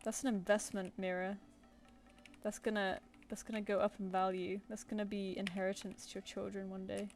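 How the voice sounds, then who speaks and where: A woman's voice: medium pitch, little pitch movement, fairly quick, faint music behind. A woman with a British accent chatting casually with viewers while she works on a live stream, rambling with lots of fillers. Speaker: streaming artist.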